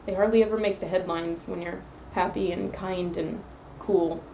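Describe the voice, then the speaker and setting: A woman's voice: lowish voice, fairly even intonation, normal speed, vocal fry, warm tone, echoey room, a little hiss or hum, rough recording. A woman hosting her own podcast alone, talking earnestly into her phone and rambling through self-affirmations. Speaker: podcast host. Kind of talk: solo podcast monologue.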